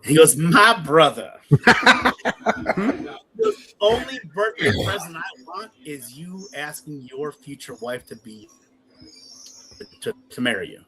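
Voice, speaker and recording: A man's voice: a little high, very animated, takes it slowly, long pauses, crowd noise. A man co-hosting a podcast, telling a long story in casual chat, swearing freely and acting out the quotes. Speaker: podcast co-host.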